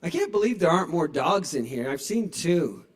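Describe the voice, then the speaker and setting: A man's voice: fairly high pitch, very animated, normal speed. A man in his sixties doing a stand-up comedy set in a small bar, telling wry, profane stories into a stage microphone. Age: 60s.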